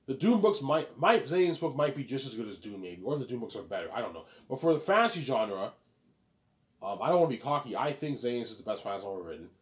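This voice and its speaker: A man's voice: mid-range voice, very animated, fast. A man rambling boastfully about his own book, swearing freely and repeating himself as he acts out imagined praise. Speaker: self-published author and vlogger.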